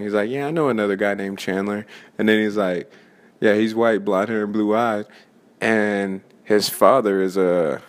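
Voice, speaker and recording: A man in his twenties, an open-mic comedian, ranting casually in a profane, rambling way and restarting his sentences often. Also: fairly low pitch. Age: 20s. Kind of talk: casual rant.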